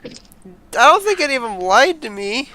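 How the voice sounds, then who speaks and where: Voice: sits high, sing-song, normal speed, bright, forceful tone, no room sound, pitched above the performer's own voice, full character voice, rough recording. A game master putting on Herbert, a whiny crook. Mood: rambling. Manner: pleading, rambling, defensive. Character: nervous, whiny male criminal supplier.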